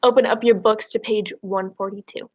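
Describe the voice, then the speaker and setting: A woman's voice: mid-range voice, steady tone, moderate pace, darkish tone. A woman teacher giving a recorded lesson, explaining and reading a novel aloud patiently. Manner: clear, patient, explaining step by step.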